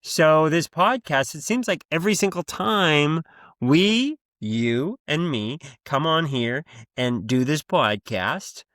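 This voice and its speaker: A man's voice: fairly high pitch, expressive, takes it slowly, fairly bright tone, no room sound, clean studio sound. A man hosting his own podcast in a casual, rambling monologue, blunt and freely profane. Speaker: podcast host.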